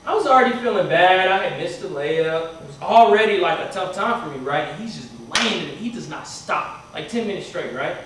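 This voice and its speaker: A motivational speaker gives a talk to students in a university hall, chattily telling a story and repeatedly asking "right?". His high voice is animated and fairly bright, a little fast with few pauses. The recording comes from far off in an echoey hall with slight background noise.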